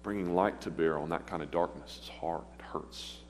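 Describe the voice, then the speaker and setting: A man preaching a sermon, earnest and pleading, with pauses as he speaks of his own past. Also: low voice. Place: church sanctuary. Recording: long hall reverb, faint hum.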